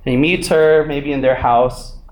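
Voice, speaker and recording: Young guy preaching, chill chatty sermon, voice a bit high, echoey room. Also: steady tone, darkish tone, a little hiss or hum. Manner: conversational, unhurried, many "like" and "right?" asides.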